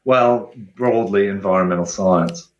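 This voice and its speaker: A man, answering interview questions in a relaxed way, often restarting his sentences. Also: fairly low pitch, a little slow. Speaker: guest ecologist. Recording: echoey, dull remote audio.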